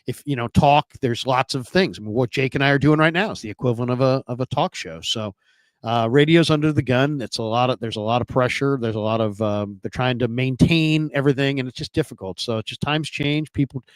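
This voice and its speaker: A man's voice: mid-range voice, fairly quick, no echo. Hesitant man in his fifties, dry sound. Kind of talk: casual talk show chat.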